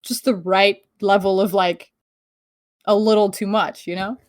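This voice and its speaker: A woman co-hosting a casual podcast chat, talking in a lively, quick way, laughing and swearing casually. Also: mid-range voice, no echo, studio quality. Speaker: podcast co-host.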